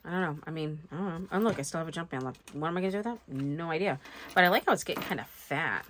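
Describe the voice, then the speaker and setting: A woman's voice: low voice, racing, fairly bright tone, a little hiss or hum. A woman vlogger chatting casually and thinking aloud as she sets up a planner, joking about herself as she goes. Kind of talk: rambling casual chat while crafting.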